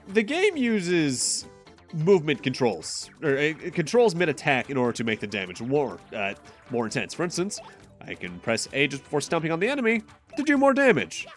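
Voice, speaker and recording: Chatty man with a lively voice. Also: a little high. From Massachusetts. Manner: chatty, joking, rambling asides. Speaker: streamer. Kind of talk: casual gameplay commentary. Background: faint game music.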